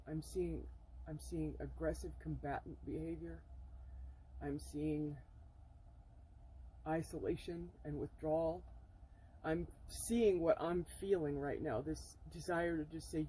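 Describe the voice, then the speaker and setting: Mellow-voiced woman, earnest and halting. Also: sits low, steady tone, slight background noise, poor audio. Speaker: spiritual vlogger. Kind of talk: spiritual channeling vlog. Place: inside a camper. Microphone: camera mic.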